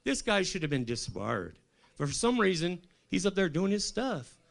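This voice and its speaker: A man from Colorado doing a rambling stand-up set at an open mic, telling deadpan stories and quizzing the crowd. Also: sits high, moderate pace, vocal fry. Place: small comedy club stage.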